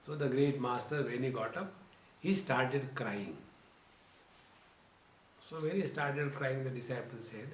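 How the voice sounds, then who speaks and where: Slow, deliberate male spiritual teacher. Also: mid-range voice, a little hiss or hum. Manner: slow, deliberate, addresses listeners as friends. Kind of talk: religious discourse. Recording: roomy lecture hall.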